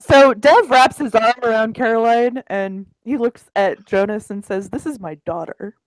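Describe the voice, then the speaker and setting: A woman's voice: fairly high pitch, moderate pace, no room sound, poor audio. A woman playing in an improvised tabletop role-playing game, narrating her character casually and swearing freely. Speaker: player.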